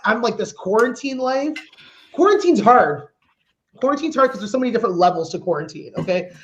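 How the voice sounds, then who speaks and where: A woman from Canada doing a stand-up comedy set, brash and animated, acting out her own reactions. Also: on the high side, fairly quick, muffled recording.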